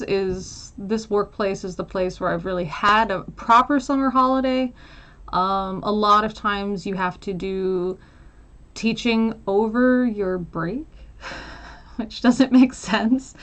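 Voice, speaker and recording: A woman's voice: medium pitch, a bit bright. An American woman casually chatting on a livestream, answering viewer questions with frequent laughs and fillers. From United States. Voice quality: chatty, laughs often, many fillers and trailing asides. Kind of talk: casual chat.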